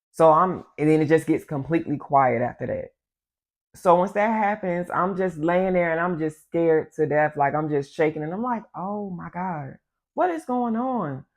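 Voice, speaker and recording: A woman vlogger telling a personal story in a casual, animated way, talking straight to her viewers. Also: deep voice. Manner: animated, addresses the audience as y'all.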